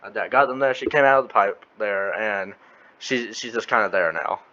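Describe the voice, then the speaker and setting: A man's voice: on the low side, normal speed, sharp tone. A man hosting a casual podcast, rambling and chuckling, often trailing off mid-sentence. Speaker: podcast host. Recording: slightly muffled lo-fi audio.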